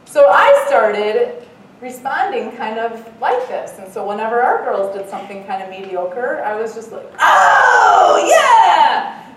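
A middle-aged woman giving an earnest devotional talk as a Bible study speaker, mixing in lively self-mocking stories. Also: on the high side, normal speed. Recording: echoey room, mic far off, faint noise.

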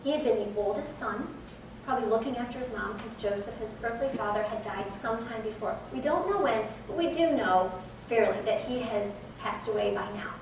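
A woman's voice: on the high side, animated, brisk. A woman in her forties with an American accent, giving a conversational Bible teaching in an earnest tone. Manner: earnest, conversational, laughs at herself. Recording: echoey room from a distance, faint background noise.

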